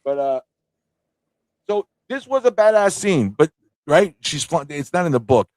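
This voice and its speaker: A man co-hosting a casual movie review chat, excitable and laughing, acting out scenes as he talks. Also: fairly high pitch, unhurried, no echo. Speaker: podcast co-host.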